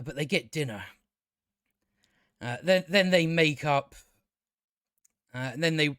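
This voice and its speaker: A man talks through a casual review in a ranting, exasperated way and swears freely. His voice sits fairly high for a man. The sound is dry and close, with no room echo. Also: fairly bright tone, clean tone. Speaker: show reviewer.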